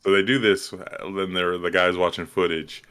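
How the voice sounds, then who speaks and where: A man is chiming in on a podcast with blunt, offhand remarks about a movie. He swears easily and stays relaxed. His voice sits low. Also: moderate pace, smooth. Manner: laid-back, blunt, swears casually. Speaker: podcast co-host. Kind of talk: casual movie chat.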